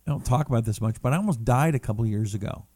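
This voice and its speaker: A man's voice: medium pitch, fast talker, darkish tone, slightly rough, no echo, clean studio sound. A middle-aged man hosting a casual talk stream, reading viewer comments aloud and riffing on them in a chatty, rambling way. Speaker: talk show host.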